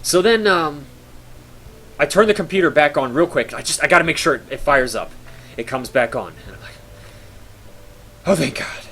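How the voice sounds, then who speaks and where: Young man, streamer, rambling mock-horror storyteller, slightly high voice, faint noise behind. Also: sharp tone. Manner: dramatic, mock-horror telling with rambling fillers. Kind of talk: casual storytelling to chat.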